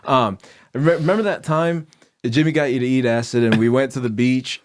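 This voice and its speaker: A young man, a podcast guest, talking in a relaxed, reflective way and often pausing with fillers. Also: mid-range voice. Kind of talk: casual conversation.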